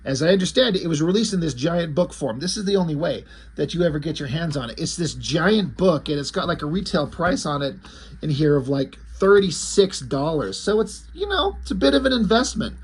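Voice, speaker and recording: A man with a slightly husky, somewhat high voice talks through a comic book review in a loose, rambling way. He restarts sentences and leans on fillers as he gathers his thoughts. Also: a little fast. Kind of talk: casual video review.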